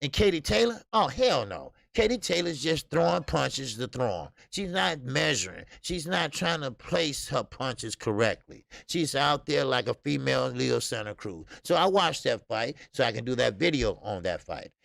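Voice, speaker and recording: A man with an American accent hosting a live boxing talk stream, answering chat in a loose, animated way with lots of fillers. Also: medium pitch, normal speed, creaky, hardly any pauses, dry recording, clean studio sound. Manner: animated, talks straight to chat, many fillers and restarts. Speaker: boxing show host.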